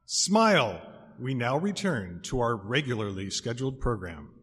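Husky man reading a mock news bulletin. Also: medium pitch, big pitch swings, moderate pace, a bit bright. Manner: formal announcer delivery. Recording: reverberant church hall.

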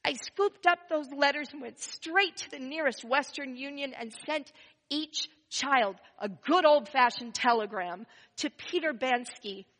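Expressive lady telling a story, goes loud then hushed, highish voice, echoey reverb. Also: measured pace. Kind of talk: first-person story narration.

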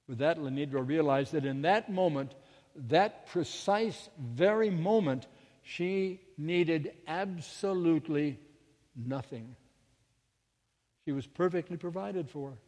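Male minister, slow dramatic sermon storytelling, long hall reverb. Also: on the high side, a little mellow. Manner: dramatic storytelling with sudden drops to near-whispers.

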